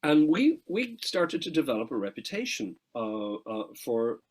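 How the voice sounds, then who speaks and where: A middle-aged Irish man, a guest musician in an interview, telling lively anecdotes with quick asides and casual swearing. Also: mid-range voice, rough recording.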